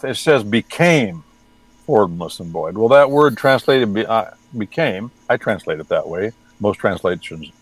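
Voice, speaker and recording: A man's voice: medium pitch, dry recording, low-quality recording. A man who translates the Bible, talking casually on the radio and teaching with folksy, wry asides.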